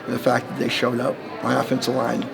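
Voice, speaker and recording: Gravelly storytelling man in his fifties. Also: medium pitch, monotone, brisk, music in the background. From New Jersey. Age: 50s. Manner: rambling storyteller who acts out quoted voices and laughs between lines. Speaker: Hall of Fame inductee, former running back. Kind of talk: press interview answers.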